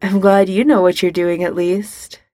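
A woman's voice: medium pitch, level tone, warm tone, dry recording, clean studio sound, lightly acted. Woman reading a nervous young man. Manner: nervous, quick, self-conscious. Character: nervous young wizard man, awkward and teasing.

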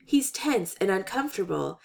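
Woman reading a funny story out loud, voice bounces around a lot, very expressive. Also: mid-range voice, normal speed, creaky. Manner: expressive, animated narration with comic timing. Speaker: story reader. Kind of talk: reading fan fiction aloud.

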